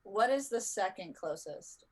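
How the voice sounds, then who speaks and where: A woman's voice: mid-range voice, lively intonation, measured pace, darkish tone. A woman player in a casual tabletop game, talking in a direct, assertive way.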